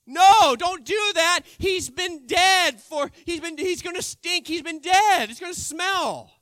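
A man's voice: very high-pitched, expressive, takes it slowly, fairly bright tone, no echo, pitched above the performer's own voice, exaggerated voice. A man preacher voicing a flustered woman who pleads and exclaims as she protests at a grave. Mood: alarmed.

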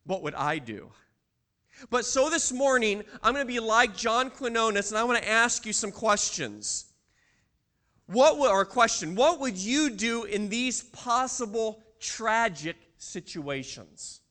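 A man delivers a sermon in a church, his voice pitched high. He tells a story and keeps putting questions to the congregation. His tone is bright and ringing. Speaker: pastor.

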